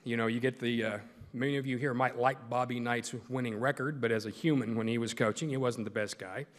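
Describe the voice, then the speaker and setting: A man's voice: mid-range voice, steady tone, a little fast. A middle-aged male sportscaster giving a folksy, joking speech to a club in a large meeting hall. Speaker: sportscaster and guest speaker. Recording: echoey hall with long reverb.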